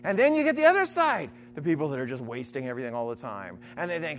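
A preacher teaching from scripture in a sermon, animated, often checking in with "right?" and acting out imagined voices. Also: medium pitch, quick pace, few pauses, a little hiss or hum. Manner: animated, keeps asking "right?". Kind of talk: sermon-style Bible teaching.

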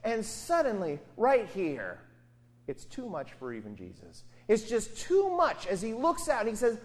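A woman's voice: mid-range voice, huge pitch swings, unhurried. A woman preaching a sermon on a gospel passage, speaking expressively with rhetorical questions and emphatic asides.

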